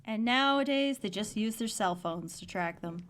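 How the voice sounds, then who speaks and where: A woman's voice: mid-range voice, expressive, normal speed, a bit bright. A woman co-hosting a podcast, animatedly recapping a comic in casual chat and laughing often. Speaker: podcast co-host.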